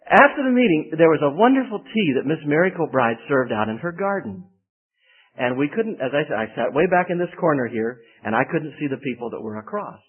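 Male preacher, folksy anecdotal sermon delivery, slightly husky, lo-fi phone-line audio. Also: fairly high pitch, animated, brisk. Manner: folksy storytelling, acts out quoted voices. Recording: tinny phone-like band.

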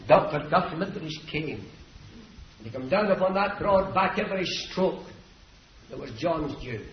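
Fervent high-voiced preacher, echoey hall. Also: male voice, animated, a little slow. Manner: fervent, rises to shouts on key phrases. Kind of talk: sermon. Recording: dull echoey old hall recording.

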